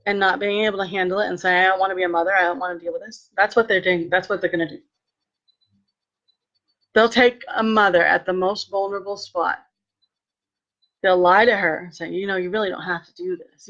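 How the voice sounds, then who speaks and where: A woman recounts a personal ordeal with a bright, forceful voice. She brings each exchange to life and grows earnest and preachy as she turns to faith. The recording sounds dull and lo-fi. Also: mid-range voice. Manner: animated, acts out quoted dialogue. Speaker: vlogger sharing a personal testimony. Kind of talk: personal storytelling.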